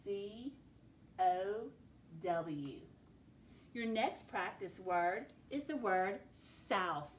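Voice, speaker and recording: A woman teacher leading a recorded phonics lesson, clearly sounding out words and letters for her students. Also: medium pitch, expressive, very slow, reverberant, a little hiss or hum. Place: classroom with a board.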